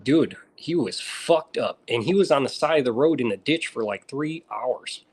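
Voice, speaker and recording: An American man in casual chat, swearing constantly and telling stories with animated energy. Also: mid-range voice, moderate pace, husky. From United States. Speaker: reptile breeder streamer.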